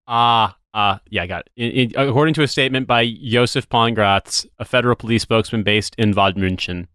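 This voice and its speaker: A man's voice: mid-range voice, a little fast, a bit bright, no room sound, clean studio sound. A man co-hosting a podcast, making wry, sardonic, profane asides in casual chat. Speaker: podcast co-host.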